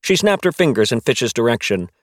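A man reading a novel aloud as its narrator, telling the story in a measured, wry way. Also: mid-range voice, very animated, dry recording, clean studio sound. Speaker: audiobook narrator. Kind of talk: scripted narration.

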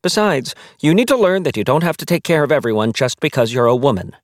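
A man voicing a busy, fussy mother who is anxious about appearances, raising his voice higher and speaking in a brisk, pointed way. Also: sing-song, no room sound, studio quality.

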